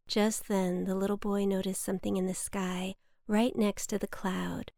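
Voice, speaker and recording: A woman hosting a children's story podcast, narrating in a gentle, soft and soothing scripted style. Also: medium pitch, level tone, moderate pace, creaky, hardly any pauses, no echo, clean studio sound.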